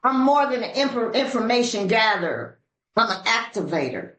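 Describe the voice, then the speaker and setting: An older woman from Los Angeles speaking at a recovery meeting, telling her story in an animated, preacherly way with sudden voice shifts. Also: on the high side, normal speed, echoey room, rough recording. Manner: African American Vernacular English grammar. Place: meeting room.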